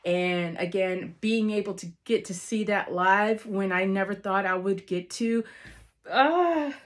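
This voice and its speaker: A woman's voice: medium pitch, fairly even intonation, a little slow. A woman vlogger gushing over a live wrestling event in a casual, emotional recap, laughing often and calling out to her viewers. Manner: gushing, emotional, laughs often, says "you guys" and "literally" a lot. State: near tears at moments.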